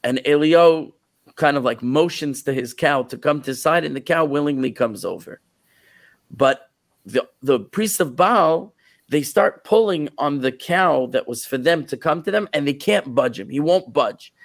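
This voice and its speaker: Rabbi, male, lively storyteller, slightly higher voice, dry close sound. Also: measured pace, vocal fry, dry recording. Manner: animated, repeats words while retelling. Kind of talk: storytelling sermon.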